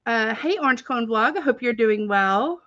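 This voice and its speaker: Woman stream host doing casual storytelling; chatty and animated, with dull, dry lo-fi audio. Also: a little high, moderate pace, no echo. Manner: animated, chatty, with many filler words and frequent laughter.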